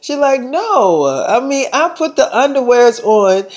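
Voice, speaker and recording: A man's voice: high voice, normal speed, close to an everyday voice. Man putting on a sulky annoyed girlfriend.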